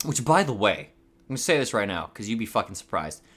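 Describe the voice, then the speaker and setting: A man's voice: lowish voice, big pitch swings, fast talker, fairly bright tone, husky. A young man from Hawaii telling a rambling story on his podcast. He swears a lot, laughs at himself and his voice cracks now and then. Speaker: podcast host. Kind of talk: casual storytelling.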